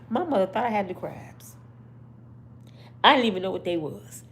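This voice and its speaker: A woman's voice: medium pitch, expressive, moderate pace, gravelly, a bit bright, slight background noise. A woman host giving brash, profane storytelling commentary, laughing often.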